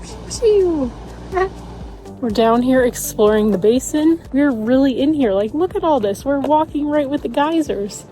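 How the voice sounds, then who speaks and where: A young woman narrates her casual travel vlog outdoors in national parks and a campground, sounding chatty and playful. Her voice is high-pitched with a dark tone and a moderate pace, and music plays in the background.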